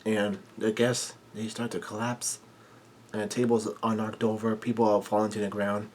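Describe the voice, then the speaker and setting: A man with a fairly low voice walks through a manga chapter panel by panel, stringing events together with "and" and frequent fillers. There is a faint hiss of background noise under his voice. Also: level tone, a little mellow. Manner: halting, run-on narration with many fillers. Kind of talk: casual chapter recap.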